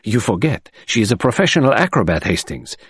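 A man voicing a fastidious elderly detective who speaks in a clipped, formal way with French touches. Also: fairly low pitch, sing-song, breathy edge, no echo, exaggerated voice. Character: fastidious elderly male detective, polite and sharp.

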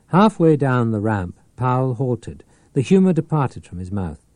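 Low mellow guy reading a novel, lots of pitch swing, dry sound. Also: big pitch swings, measured pace, no echo. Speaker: audiobook narrator. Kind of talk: scripted fiction narration.

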